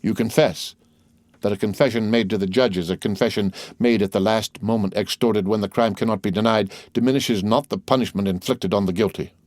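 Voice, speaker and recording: A man voicing a stern male magistrate who calmly and contemptuously accuses his wife in an audiobook. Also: lowish voice, brisk, no room sound, studio quality, natural voice. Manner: calm, contemptuous interrogation. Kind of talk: audiobook character voice.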